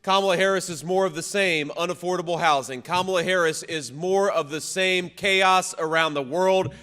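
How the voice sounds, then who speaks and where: High, bright-voiced man at a rally. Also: moderate pace, big-room sound. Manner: punchy, repetitive slogans shouted to a crowd, frequent restarts. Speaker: vice-presidential candidate speaking at a campaign rally. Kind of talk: political rally speech. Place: campaign rally venue.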